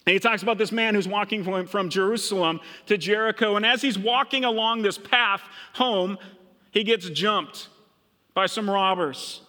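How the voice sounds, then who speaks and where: Middle-aged pastor from minnesota, storytelling sermon, bright tone, big echoey church. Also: male voice, high voice, moderate pace. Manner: storytelling preacher, voices characters' thoughts.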